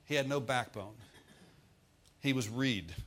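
A man's voice: medium pitch, unhurried, a bit bright, slight background noise. Folksy male preacher. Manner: folksy, humorous preaching with asides. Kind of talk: sermon.

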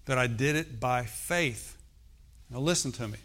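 A man's voice: mid-range voice, unhurried, a bit bright. A middle-aged man preaching a sermon in a conversational way, often checking in with "okay?" and "amen". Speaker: pastor.

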